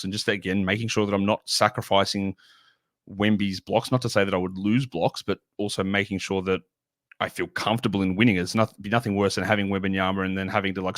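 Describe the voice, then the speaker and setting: Low-voiced man, rambling analysis. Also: fairly bright tone, no echo, studio quality. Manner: rambling, self-correcting, lots of "like". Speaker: fantasy basketball analyst and podcast host, as guest. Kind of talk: casual podcast interview.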